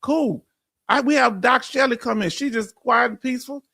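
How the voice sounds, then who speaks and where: Southern Texan man hosting a livestream, high voice, dry close mic, talks blunt and direct to chat. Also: moderate pace, vocal fry, sharp tone, no echo. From Houston, Texas. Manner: blunt, straight-talking, addresses chat directly. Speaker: livestream host.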